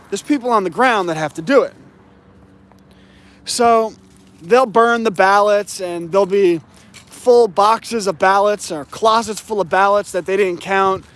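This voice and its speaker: High-voiced man ranting about politics. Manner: emphatic, slows down to stress key words. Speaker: political commentator. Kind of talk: opinionated political monologue.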